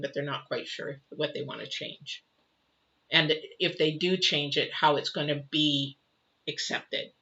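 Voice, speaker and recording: A woman's voice: sits low, pushed and bright, highs cut off. A woman giving a live tarot reading, talking in a rambling, conversational way to viewers she addresses directly. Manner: rambling, conversational, acts out quoted people. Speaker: tarot reader.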